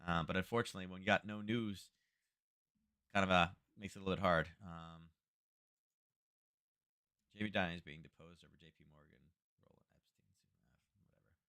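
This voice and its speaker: A man's voice: low-pitched, steady tone, fairly quick, long pauses, pushed and bright, clean tone. A man hosting a casual live trading stream, thinking aloud and tagging his points with "right?" while chatting to viewers by name. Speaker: trading livestream host. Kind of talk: casual live market commentary.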